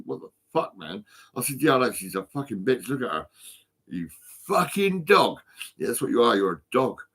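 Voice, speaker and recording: A man's voice: on the low side, fairly bright tone. A stoned man rambling and swearing constantly into his phone for a vlog. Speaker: vlogger.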